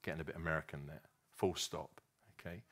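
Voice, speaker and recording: A man's voice: rumbling low, steady tone, a little fast. A man preaching a sermon, telling stories earnestly with frequent restarts and fillers.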